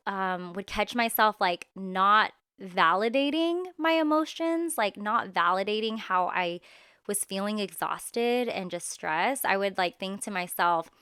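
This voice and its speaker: A woman's voice: medium pitch, fairly bright tone, clean tone, no room sound, studio quality. A woman, hosting her own podcast in a candid, chatty way, full of "like" fillers. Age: 30s. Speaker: podcast host. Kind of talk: casual solo podcast talk.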